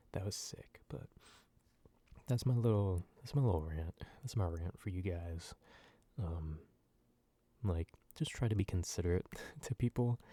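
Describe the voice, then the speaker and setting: An ASMR channel host speaks softly into a close microphone, rambling and ranting loosely with plenty of fillers and swearing, at times dropping almost to a whisper. His voice sits low, and the recording is dry.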